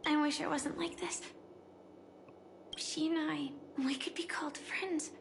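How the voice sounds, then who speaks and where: An actress playing a gentle, composed young woman with a soft, earnest voice, recorded as game voice acting. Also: high-pitched, steady tone, measured pace, vocal fry, background noise.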